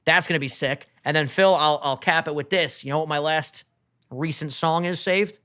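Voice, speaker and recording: Male podcast co-host, lively jokey banter, sharp bright tone. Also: fairly high pitch, normal speed. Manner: animated and jokey, hyped banter. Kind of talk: casual chat.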